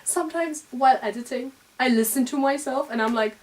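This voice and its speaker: A woman's voice: sits high, fairly quick, recorded from a distance, low-quality recording. A young woman from Germany, a native German speaker, chatting casually in English as co-host, with a German accent that people have taken for Australian; she talks in hesitant bursts and laughs easily. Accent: German, with traces described as Australian-sounding. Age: young adult. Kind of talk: casual chat.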